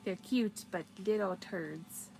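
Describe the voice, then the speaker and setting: A woman's voice: medium pitch, slow, gravelly, darkish tone, faint music behind, rough recording. A woman casually chatting with her viewers during a crochet livestream, giggling often and answering their comments.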